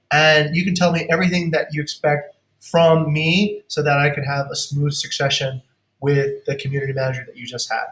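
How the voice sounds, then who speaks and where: A man's voice: a little high, fairly bright tone, roomy sound. A man coaching negotiation in a casual way, acting out example lines and laughing often.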